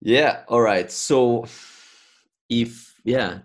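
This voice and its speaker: A man's voice: mid-range voice, drawn-out words. A man hosting a reflective conversation, thoughtful and affirming, with frequent filler sounds. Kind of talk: reflective conversation about healing trauma.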